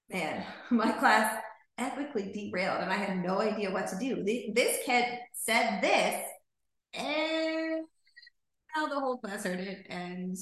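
A woman's voice: on the high side, fairly bright tone. A woman hosting a casual podcast, chatty and laughing through her words. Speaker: podcast host. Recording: very echoey room.

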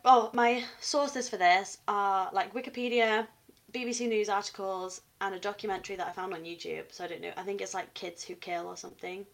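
A woman's voice: medium pitch, fairly even intonation, brisk, creaky, a bit bright. A young woman, a university student, co-hosting a podcast in casual chat and reading from her notes when she tells a case. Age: young adult. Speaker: podcast co-host.

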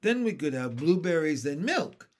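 A man reading the part of a kind, capable older sister, a girl who speaks gently and motherly. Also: fairly high pitch, big pitch swings, normal speed. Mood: gentle.

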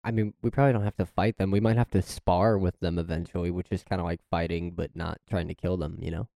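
A man's voice: low voice, level tone, fast, gravelly, dark tone, dry recording, studio quality. A man playing in a tabletop game, talking casually with lots of "like". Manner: casual, hedging with "like". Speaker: player.

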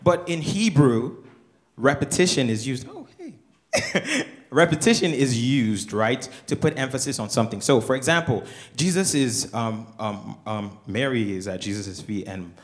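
A man co-hosting a casual Bible study discussion, animated and full of rhetorical questions. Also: lowish voice, moderate pace. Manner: animated, asks rhetorical questions, laughs often. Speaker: co-host of a church discussion show.

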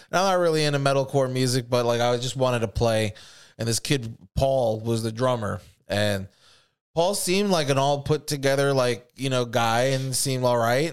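Smooth-voiced man telling rambling stories. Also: medium pitch. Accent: American. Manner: profane, rambling, acts out other people's voices. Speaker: podcast co-host. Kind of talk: casual storytelling chat.

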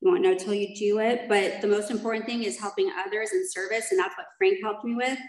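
A woman's voice: medium pitch, fast, reverberant, poor audio. A woman sharing her personal story with a group at a recovery meeting, candid and rambling, laughing at herself as she goes. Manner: candid, rambling, self-deprecating, laughs often.

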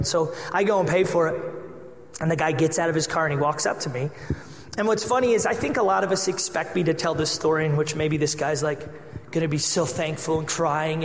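A man preaching a sermon as pastor, telling a personal story with lively acted-out dialogue. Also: a little high, a little hiss or hum. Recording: echoey hall with long reverb.

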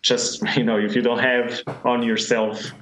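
A man's voice: mid-range voice, flat delivery, measured pace, a bit bright. Male guest with a Portuguese accent, hesitant, filler-heavy, echoey faintly noisy room. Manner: hesitant, hedging, many fillers. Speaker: podcast guest. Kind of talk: casual podcast chat.

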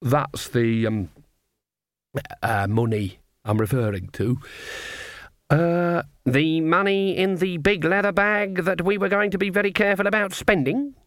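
A man's voice: high voice, a little slow, a bit bright, no echo, studio quality, pitched above the performer's own voice. A man voicing a stern, clipped old witch woman. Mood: stern, dry.

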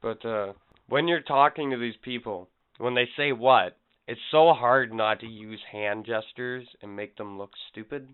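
A man co-hosting a casual podcast chat, calm and wry as he chimes in. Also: mid-range voice, unhurried, clear, resonant tone. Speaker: podcast co-host. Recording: tinny phone-like sound.

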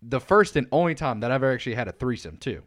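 A man in casual podcast chat tells crude stories with a blunt, offhand delivery. His voice sits in a middle pitch, and he often sinks to a hushed tone for the details. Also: animated, racing. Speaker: podcast co-host.

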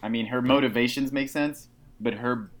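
A man's voice: mid-range voice, normal speed. A man co-hosting a podcast, chatting casually about a movie, swearing and laughing a lot. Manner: profane, animated, laughing often. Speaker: podcast co-host.

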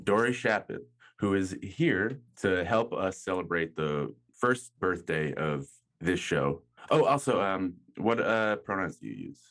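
A man with a very low, deep voice hosts his podcast from home in casual chat. He rambles and jokes at his own expense, a little tipsy. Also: expressive, a little slow, a bit bright. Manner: rambling, joking, self-mocking. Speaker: podcast host. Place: home, hot room without air conditioning.

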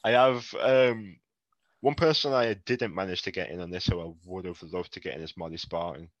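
Low-voiced man, chatty host. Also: moderate pace, no room sound, dull audio. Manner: chatty, laughs often, tells anecdotes. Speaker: podcast host. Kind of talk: casual chat about wrestling.

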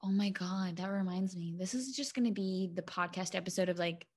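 A woman's voice: lowish voice, steady tone, a little fast, a little mellow. A young woman co-hosting a podcast, chatting casually, swearing freely and filling with "like" and "um". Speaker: podcast co-host.

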